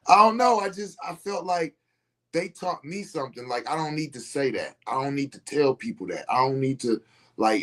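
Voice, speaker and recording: A man telling a personal story to his listeners in a loose, conversational way, often repeating himself and asking if they follow him. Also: mid-range voice. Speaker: speaker sharing a personal story. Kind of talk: casual storytelling to an audience.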